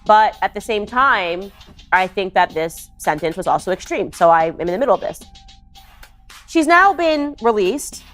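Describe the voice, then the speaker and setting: A woman commentator talking straight to the camera in a sarcastic, mocking monologue. Her voice sits at an ordinary middle pitch. Faint music plays underneath. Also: lively intonation, moderate pace, fairly bright tone. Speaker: political commentator. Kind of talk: opinionated monologue.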